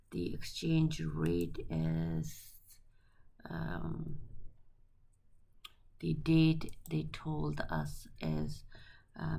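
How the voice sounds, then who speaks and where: A woman teaching accounting through a software walkthrough, halting and thinking aloud with many fillers and self-corrections. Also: sits low, creaky. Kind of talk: screen-recorded software tutorial.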